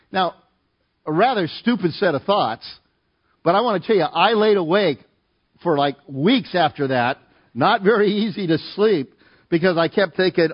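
A middle-aged man preaching a sermon, telling stories in a conversational, rambling way with fillers and restarts. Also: a little high. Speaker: pastor. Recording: dull lo-fi sound.

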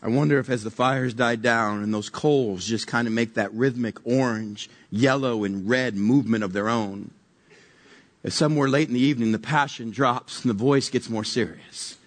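A man's voice: medium pitch, moderate pace. A man preaching a sermon as a retold story, wondering aloud and joking casually with the listeners. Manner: wondering, conversational with jokes.

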